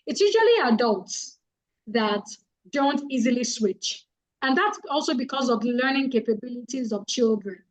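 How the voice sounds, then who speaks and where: Emphatic high-voiced Nigerian woman. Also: expressive, normal speed, rough recording. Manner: emphatic, repeats points for effect. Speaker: guest speaker. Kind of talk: public speaking advice talk.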